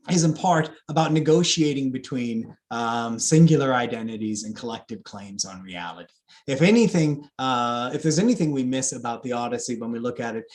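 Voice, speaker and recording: A man giving a lively public lecture on epic poetry, with fillers and asides to the audience. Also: medium pitch. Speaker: classics lecturer.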